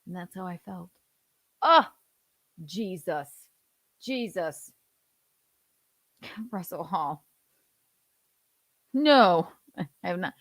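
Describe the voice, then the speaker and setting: A woman's voice: fairly low pitch, animated, very slow, long pauses, dry recording. A woman hosting a casual livestream, talking sarcastically with swearing and laughing asides. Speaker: livestream host. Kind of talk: casual commentary chat.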